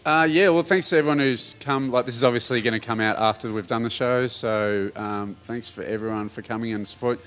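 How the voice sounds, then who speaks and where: A man's voice: mid-range voice, brisk, hardly any pauses, a bit bright, faint music behind. A man with an Australian accent, a band member chatting casually, joking and repeating himself as he talks. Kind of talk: casual chat.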